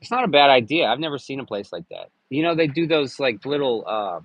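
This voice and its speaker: A man's voice: medium pitch, lively intonation, a little fast, a bit bright, rough recording. A man chatting casually on a live stream, rambling and joking with lots of cursing. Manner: crude, rambling, jokey with frequent cursing.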